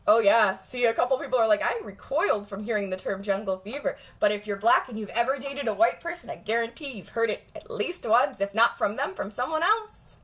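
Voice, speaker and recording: A woman's voice: on the high side, lively intonation, normal speed, a bit bright. A woman vlogger talking straight to camera in a blunt, profane, emphatic rant. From Jamaica.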